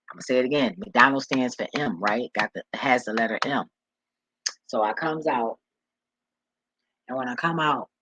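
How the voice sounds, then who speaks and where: Husky guy just rambling and cussing on his vlog, dry dull lo-fi sound. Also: medium pitch, sharp tone, dry recording. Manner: loose, profane, laughing storyteller. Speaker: vlogger and delivery driver. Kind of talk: casual rambling monologue.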